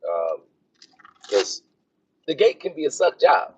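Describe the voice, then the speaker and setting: With big pitch swings and a breathy edge, a mid-range male voice moves slowly through a rambling, filler-filled vlog. The speaker is a military officer driving onto a base, recorded with dull lo-fi sound.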